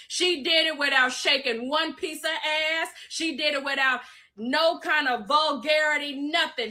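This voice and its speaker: A woman's voice: sits high, normal speed, bright, forceful tone, a little hiss or hum. A woman in a played online clip, lecturing emphatically and with profanity. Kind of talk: online video rant.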